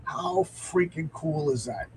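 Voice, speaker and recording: A man's voice: on the high side, animated, slow pace, darkish tone, slight background noise, rough recording. A man hosting a live stream, reading a comic aloud with enthusiasm and answering viewer comments.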